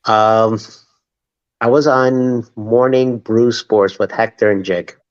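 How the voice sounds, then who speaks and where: A man co-hosting a sports call-in stream, sarcastic, drawing out his jokes slowly. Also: fairly low pitch, fairly even intonation. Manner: sarcastic, drawn-out storytelling. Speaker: co-host. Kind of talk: casual sports call-in chat. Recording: dull, lo-fi stream audio.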